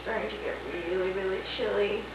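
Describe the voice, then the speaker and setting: A woman investigating a haunted theater who talks in a hushed, nervous way and says she is shivering with cold. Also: medium pitch, steady tone, brisk, echoey room, noisy background. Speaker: paranormal investigator. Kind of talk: calling out to spirits, then debriefing. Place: dark old theater.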